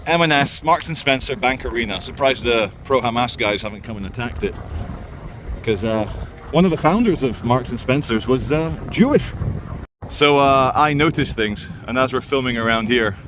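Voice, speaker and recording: A man's voice: mid-range voice, normal speed, background noise. A man vlogging while he walks outdoors by a waterfront, talking in a sardonic, rambling way into a handheld camera. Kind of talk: walking vlog commentary.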